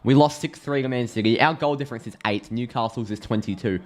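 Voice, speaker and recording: An Australian man streams a live football reaction, talking in a chatty, excitable way and thinking out loud. His voice sits in an ordinary middle pitch, and he often restarts his sentences. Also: fast.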